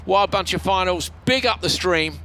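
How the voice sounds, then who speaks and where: A male rallycross commentator, hoarse and tired, chatting warmly and emotionally on a live broadcast. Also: sits high, moderate pace, a little hiss or hum. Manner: chatty, emotional, laughs often. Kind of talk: casual live broadcast chat.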